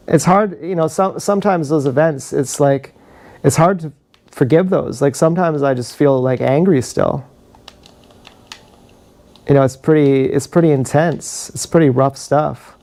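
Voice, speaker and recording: Man, gravelly fry, rambling confessional livestream talk, action-camera mic. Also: on the high side, darkish tone. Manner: meandering, confessional, laughs at own stories.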